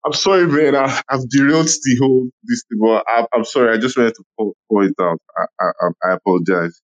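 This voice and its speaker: A man's voice: mid-range voice, brisk, highs cut off. A man from Nigeria speaking passionately in a casual online audio-room chat, often repeating himself and apologizing. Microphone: phone in an online audio room.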